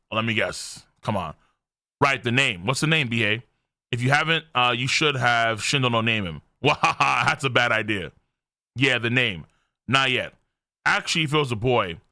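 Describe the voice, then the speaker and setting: A young man hosting a live stream where he reacts to a manga, excitable and cursing freely as he reads character lines aloud. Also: mid-range voice, no room sound, clean studio sound.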